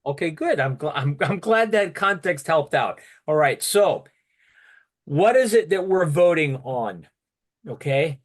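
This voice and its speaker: Slow-talking male workshop facilitator. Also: on the high side. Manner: steady, peppers speech with "okay". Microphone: video call.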